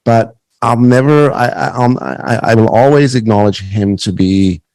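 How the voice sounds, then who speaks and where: A man's voice: lowish voice, measured pace, a little mellow, no room sound, rough recording. A man in his thirties hosting a podcast interview, telling stories with many restarts and repeated words. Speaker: podcast host. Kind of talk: conversational interview.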